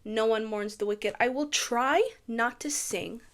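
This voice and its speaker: Excitable soprano woman, fairly high. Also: unhurried. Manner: excitable, swings from hushed whispers to loud outbursts. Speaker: YouTuber. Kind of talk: casual movie commentary.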